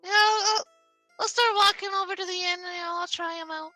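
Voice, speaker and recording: Very high, bright-voiced woman player. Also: fairly even intonation, brisk, no room sound, faint music behind. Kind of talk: casual tabletop play.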